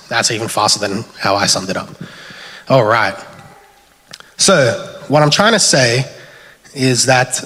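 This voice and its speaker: A man's voice: mid-range voice, unhurried, pauses often. Easygoing Australian man preaching in a hall. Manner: relaxed, chatty, thinks aloud with fillers. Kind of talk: casual sermon with slides. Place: church hall. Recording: long hall reverb.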